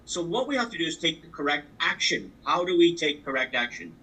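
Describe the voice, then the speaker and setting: A man's voice: fairly high pitch, very animated, brisk, bright, forceful tone, recorded from a distance, poor audio. A man giving a motivational training talk on a call, emphatic and repetitive, driving his points home with sports analogies. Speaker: business opportunity trainer. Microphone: call audio.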